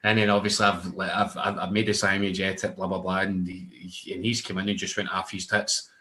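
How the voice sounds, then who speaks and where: A young Scottish man with a fairly low voice tells loose, rambling wrestling stories. He stops and restarts often and laughs as he goes. The talk is relaxed and conversational. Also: a little fast. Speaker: wrestler guest. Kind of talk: casual interview chat.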